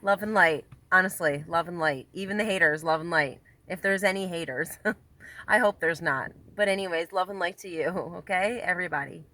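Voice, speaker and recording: A woman's voice: fairly low pitch, moderate pace, sharp tone. A woman chatting casually into her handheld phone by the ocean, laughing often and apologizing. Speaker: vlogger. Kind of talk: casual vlog chat. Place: by the ocean coast, near a car. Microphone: phone held in hand.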